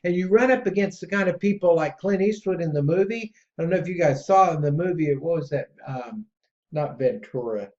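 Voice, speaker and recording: Man, podcast host, rambling monologue, excitable, higher voice, muffled lo-fi sound. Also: fairly quick. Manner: excitable and rambling, jumps between pitches. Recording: dull lo-fi audio.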